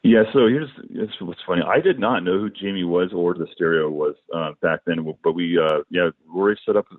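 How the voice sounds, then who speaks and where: A middle-aged man with a very low, deep voice recounts tour stories in a loose, rambling way. He starts over often and piles on asides. The sound is dry and squeezed down to a narrow, phone-like band. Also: normal speed, dry recording. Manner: rambling, animated anecdotes with many restarts. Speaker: musician, guest. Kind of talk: casual storytelling in a podcast interview.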